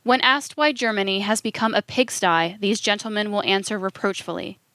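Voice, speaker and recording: A stern older man lectures a friend with hard, emphatic words, as a woman reads his part. The voice stays mid-pitched and sounds dry and close. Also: moderate pace, sharp tone, no room sound. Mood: lecturing. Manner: emphatic, declaiming.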